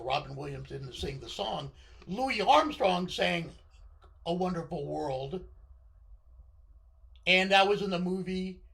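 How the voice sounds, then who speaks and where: A man's voice: high voice, gravelly, fairly bright tone. A middle-aged man with a scratchy voice, vlogging from home in a rambling, digressive monologue that keeps stammering and interrupting itself.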